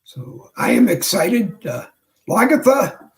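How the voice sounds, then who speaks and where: Gravelly-voiced man hosting a livestream. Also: high voice, sing-song, slight background noise, rough recording. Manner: rambling, filler-heavy, many uh pauses. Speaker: show host. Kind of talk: casual livestream sign-off. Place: home studio desk.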